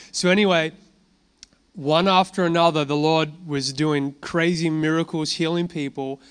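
Animated preacher, fairly high voice. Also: male voice. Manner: animated storytelling, casual asides. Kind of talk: sermon with testimony.

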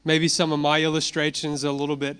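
A man's voice: on the high side, fast talker, smooth. A man preaching a sermon, telling a healing testimony with casual asides and laughter. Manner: animated storytelling, casual asides.

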